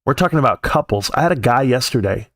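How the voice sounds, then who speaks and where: A man's voice: medium pitch, expressive, fast talker, a bit bright, no echo, studio quality. Profane ranting Californian man. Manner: heated, profane, rambling rant with mocking quoted voices. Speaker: livestream host. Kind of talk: casual ranting livestream.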